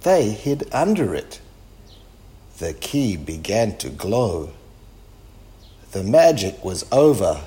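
A man reading a children's storybook aloud, slowly and clearly paced. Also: fairly low pitch, big pitch swings, mellow. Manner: slow, sing-song, clearly paced. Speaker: storybook reader.

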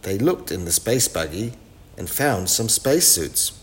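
Man reading a kids' storybook, low voice, slow and lively. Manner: clear, expressive read-aloud pacing.

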